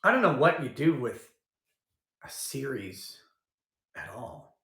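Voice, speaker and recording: A man's voice: mid-range voice, sing-song, slow, bright, forceful tone. A man hosting a casual livestream, rambling and thinking aloud as he goes, often restarting his sentences. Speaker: livestream host. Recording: roomy echo.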